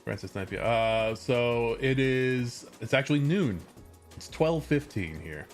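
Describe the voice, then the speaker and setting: A man's voice: medium pitch, expressive, measured pace, soft background music. An American man from California chatting casually on a live stream while he works, rambling and correcting himself as he goes. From California, USA. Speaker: livestreamer and game developer.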